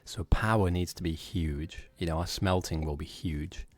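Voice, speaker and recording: A man's voice: deep voice, moderate pace, dry recording. A man casually commentating a strategy game match, explaining the build and laughing easily with his co-commentator.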